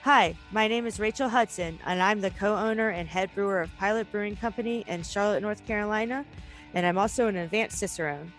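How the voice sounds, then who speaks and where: A woman's voice: medium pitch, a little fast, fairly bright tone, soft background music. A woman co-hosting a podcast about beer, laid-back and joking, often laughing. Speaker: podcast co-host, head brewer. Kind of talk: casual podcast chat.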